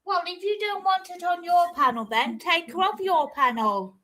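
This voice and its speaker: Angry, swearing woman guest with a high, piercing voice. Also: normal speed, fairly bright tone. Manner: angry, profane, defensive. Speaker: panel guest. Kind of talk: heated livestream argument.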